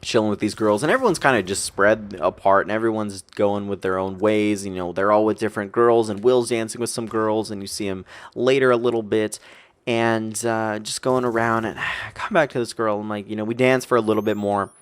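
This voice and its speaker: A young man recounts his night in a loose, rambling vlog monologue. His voice sits a little low, and it leaps up when he mimics other people. He swears freely and piles on fillers. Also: steady tone. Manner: rambling, swearing, quick pitch jumps when acting out quotes. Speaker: storytelling vlogger. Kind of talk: casual storytelling.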